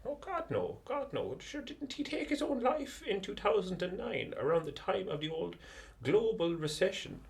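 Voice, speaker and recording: A man's voice: high voice, sing-song, normal speed, gravelly, slight background noise. A man with an Irish accent telling a comic yarn in a chatty, digressive way. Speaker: storyteller.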